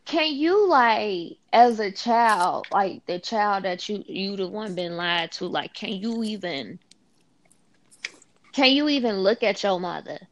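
Young woman co-host, lively pitch, quick, hyper chatter. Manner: quick, animated, self-described hyper. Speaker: podcast co-host. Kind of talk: casual chat.

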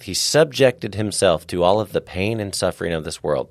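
A man's voice: deep voice, a little fast, hardly any pauses, no room sound, studio quality. A man co-hosting a casual faith podcast, telling stories earnestly and with emphasis. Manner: earnest, animated storytelling with repeated emphasis. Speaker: podcast co-host, gym owner.

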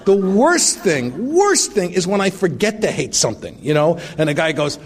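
A man's voice: high-pitched, wildly swooping pitch, moderate pace, few pauses. A middle-aged man giving a personal recovery testimony, telling it in a wry, self-mocking way with frequent restarts. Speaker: recovery meeting speaker.

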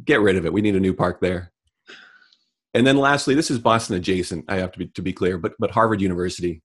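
A middle-aged man co-hosting a casual comedic chat, delivering deadpan mock rants. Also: deep voice, quick pace, husky. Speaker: podcast co-host.

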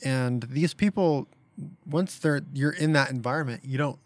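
A man's voice: medium pitch, moderate pace, no room sound. Laid-back young man, dry sound. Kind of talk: casual chat.

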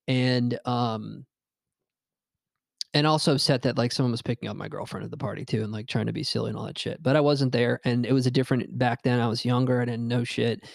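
A young man with a gravelly texture in his voice tells a personal story at an even, middle pitch. He rambles, restarts and swears freely, speaking into a dry, close microphone. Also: dry recording. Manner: rambling, profane, with many fillers and restarts. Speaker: podcast host. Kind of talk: casual storytelling chat.

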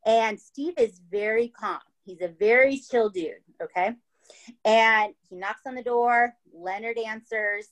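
A woman's voice: mid-range voice, fairly bright tone, low-quality recording. A woman hosting a podcast, telling a true-crime story in a casual, chatty way, swearing freely and often checking in with "right?" and "okay?". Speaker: podcast host.

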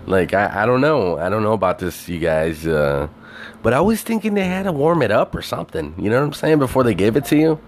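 A man telling a story in a casual, animated rant, swearing constantly and filling his talk with "like" and "you know". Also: fairly low pitch, a little fast, slight background noise. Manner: animated, heavy swearing, many fillers.

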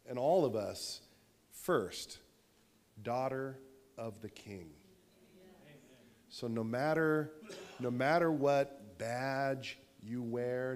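Pastor host, man, sermon-style exhortation, repeats phrases in preacher's cadence. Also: medium pitch.

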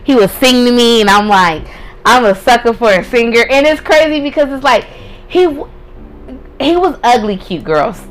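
A woman's voice: on the high side, lively intonation, moderate pace, rough recording. A young woman hosting a podcast, telling a personal story in a candid, profane way and laughing often. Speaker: podcast host. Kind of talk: casual storytelling.

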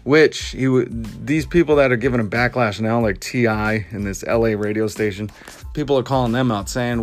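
A man's voice: mid-range voice, fairly quick, soft background music. A man hosting a podcast, ranting with sarcastic scorn and chuckling at his own remarks. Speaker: podcast host. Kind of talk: ranting commentary.

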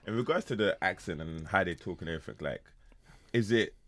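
An African man with a low, deep voice co-hosting a relaxed podcast chat. He talks in an animated, rambling way, full of "like"s, and his voice sounds dry and close. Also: fast, dry recording. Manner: animated, laughing, thinks aloud with many "like"s. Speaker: podcast co-host. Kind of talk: casual chat.

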